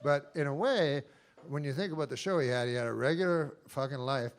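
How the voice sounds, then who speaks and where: A male stand-up comedian doing a club set, talking in a deadpan, halting way with drawn-out pauses, picked up by a handheld stage mic. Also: medium pitch.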